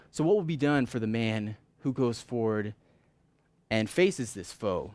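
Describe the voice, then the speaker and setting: A man's voice: medium pitch, no echo. A man preaching a sermon in an earnest, conversational way, stressing points with rising emphasis.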